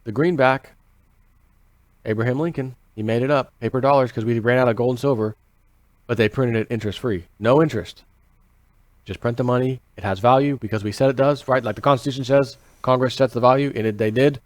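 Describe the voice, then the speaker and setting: Male vlogger, average pitch, animated rhetorical explainer, dry recording. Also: brisk, dry recording. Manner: animated, rhetorical, repeats phrases for emphasis. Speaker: financial commentary vlogger. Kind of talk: casual explanatory monologue.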